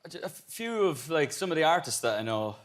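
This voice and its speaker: An Irish man in his thirties, a singer-songwriter, talking casually as a talk-show guest with a relaxed, halting manner. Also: a little high. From Ireland. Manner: relaxed, chuckling, halting restarts. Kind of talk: casual chat-show interview.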